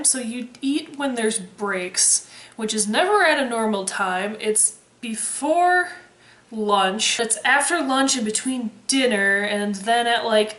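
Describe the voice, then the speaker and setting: A woman's voice: medium pitch, fairly bright tone. A woman in her twenties chatting casually to camera, sarcastic and freely swearing with dry humor. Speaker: vlogger, former waitress. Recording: roomy echo.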